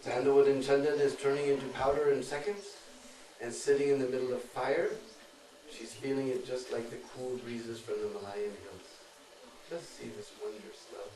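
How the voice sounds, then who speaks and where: A man telling a devotional story dramatically, hushing and swelling, heard in an echoey, distant recording. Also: mid-range voice, steady tone, moderate pace. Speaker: storyteller preacher.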